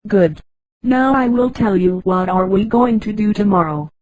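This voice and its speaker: A synthetic female voice reading the part of a self-assured male pirate governor in a space storybook, in the same even machine delivery as the narration. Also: high voice, normal speed, no room sound, close to an everyday voice, rough recording. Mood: commanding.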